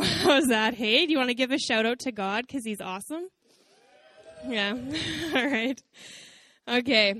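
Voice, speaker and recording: A woman nearing thirty preaches from a church stage in a bubbly, storytelling way. Her voice sits fairly high and sounds dry and close to the mic. She talks like she's chatting with friends. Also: no room sound. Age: 20s. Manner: chatty, animated, laughing storyteller. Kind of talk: casual church sermon intro. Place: church stage before audience.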